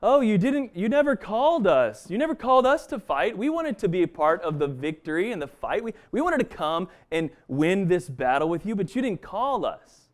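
A man's voice: high voice, big pitch swings, normal speed, hardly any pauses, pitched above the performer's own voice. A man voicing an aggrieved group of ancient tribesmen, whiny and indignant.

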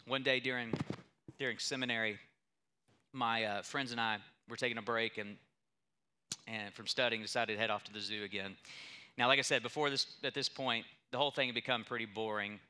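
A man's voice: mid-range voice, steady tone, fairly quick, pushed and bright, clear, resonant tone. A young adult male pastor preaching a sermon, telling a story with emphatic, building intensity.

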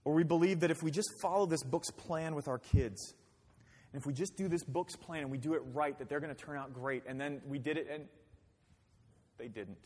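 A man's voice: a little high, fairly quick, darkish tone. A man pastor preaching a sermon in a conversational way, with rhetorical questions and acted-out quotes. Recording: long hall reverb.

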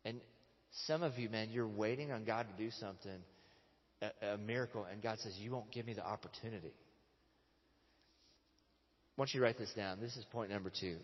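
A man's voice: lowish voice, big-room sound, lo-fi sound. A man preaching a sermon in a casual, storytelling way, acting out the quotes. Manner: conversational storytelling with acted quotes. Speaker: pastor.

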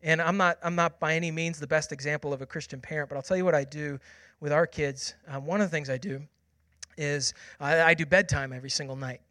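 A man in his thirties delivers a sermon in a high, bright voice, moving between hushed, close confiding and loud, excited storytelling. The sound is dry and close to the mic, with no room around it. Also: fast talker, no room sound. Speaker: pastor.

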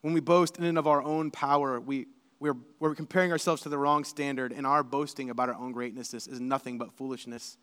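A male pastor preaching a sermon, animated and building to emphatic, shouted lists. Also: medium pitch, a little fast, clean tone, big-room sound.

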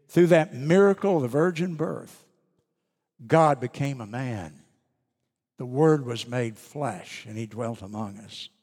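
A man preaching a sermon as pastor, earnest and emphatic with deliberate pauses. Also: medium pitch, darkish tone, in a large hall.

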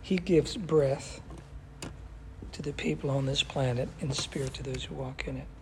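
An older man leads a Bible study, earnest and emphatic, and he keeps checking in with his listeners. His voice sits at a middling pitch. A faint hiss of background noise runs under the recording. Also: steady tone, normal speed. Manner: earnest, emphatic, asks the class questions. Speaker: Bible teacher.

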